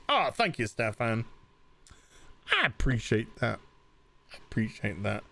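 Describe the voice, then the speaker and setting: A man's voice: mid-range voice, big pitch swings, unhurried, gravelly, long pauses, sharp tone. A man with an English accent chatting casually on a game live stream, reading out donations and rambling with lots of fillers and restarts. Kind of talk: casual live-stream chat while playing. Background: game music.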